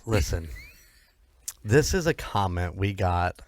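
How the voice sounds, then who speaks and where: A man's voice: low voice, very animated, slow. A man co-hosting a casual paranormal podcast, joking at his own expense and swearing now and then. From United States. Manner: self-deprecating, swears casually, laughs often. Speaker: podcast co-host.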